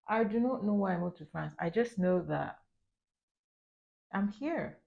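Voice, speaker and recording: A young woman, chatting through a get-ready-with-me video in an animated, storytelling way with frequent laughs. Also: medium pitch, measured pace, gravelly, phone-quality sound. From Nigeria. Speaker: lifestyle vlogger. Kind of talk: casual get-ready-with-me chat.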